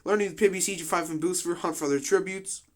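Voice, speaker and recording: A man's voice: high voice, fast. A young man giving casual commentary on a game simulation, slangy and full of swearing and joking asides.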